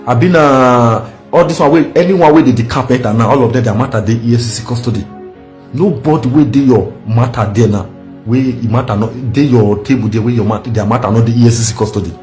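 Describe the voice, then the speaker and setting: Defiant Nigerian Pidgin protester, mid voice. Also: male voice, mid-range voice, fast, a little mellow, soft background music. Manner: defiant, warning, repetitive. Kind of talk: political protest speech.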